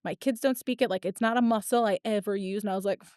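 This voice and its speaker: A woman's voice: medium pitch, fast talker, smooth, dry recording, studio quality. A woman in her thirties, a podcast host telling a story in casual chat and acting out the people in it. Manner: animated storyteller, acts out quotes.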